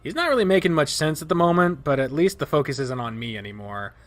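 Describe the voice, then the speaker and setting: A man reading a visual novel aloud as its narrator, expressive and dramatic, breaking off for his own asides. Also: a little high, quick pace.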